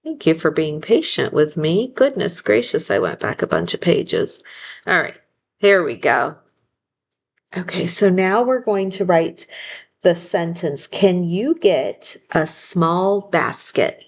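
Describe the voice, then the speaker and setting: A woman's voice: on the low side, sing-song, takes it slowly. A woman teaching a phonics lesson, patiently sounding out words syllable by syllable and correcting herself with small apologies. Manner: self-correcting, apologetic asides. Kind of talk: phonics lesson, slow dictation.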